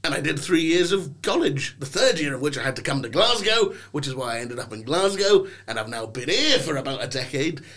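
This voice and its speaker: This young English podcast guest has a fairly high voice and talks briskly, barely pausing. He spins his stories in a casual conversation, hamming it up with a theatrical, playful flair and animated put-on voices.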